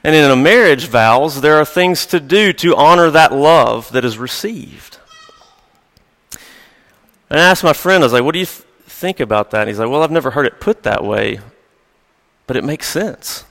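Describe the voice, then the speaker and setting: A man's voice: a little high, lively intonation, normal speed, fairly bright tone. A male pastor giving a sermon in a conversational, storytelling way with light chuckles, recorded in a church sanctuary. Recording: long reverb of a large hall.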